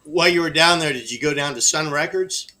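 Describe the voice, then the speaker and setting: A man's voice: fairly high pitch, a little fast, sharp tone. A man in casual chat, asking curious questions.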